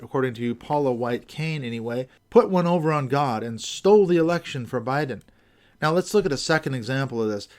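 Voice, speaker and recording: A man hosting a podcast, reading scripted commentary with wry, skeptical asides. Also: medium pitch. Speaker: podcast host.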